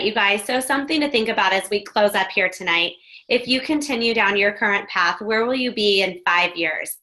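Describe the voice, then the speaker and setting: A woman hosting a coaching presentation, closing with an encouraging, persuasive pitch to her listeners. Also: sharp tone.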